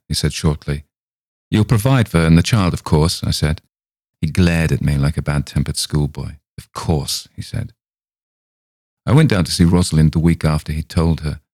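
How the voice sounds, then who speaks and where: A man, the podcast host, reading a short story aloud in a measured storytelling voice. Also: rumbling low, mellow, no room sound, studio quality.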